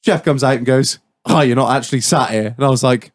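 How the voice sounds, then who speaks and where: A man's voice: medium pitch, fast, few pauses. A man on a casual podcast, swearing freely, laughing and mimicking people as he tells stories. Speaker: podcast co-host. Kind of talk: casual banter with friends.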